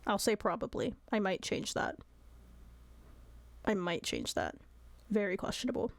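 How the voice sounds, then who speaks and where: A woman's voice: mid-range voice, wildly swooping pitch, unhurried, gravelly, no echo. Woman streamer, casual chat, laughs often, dry close sound. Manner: giggly, apologetic, chatty.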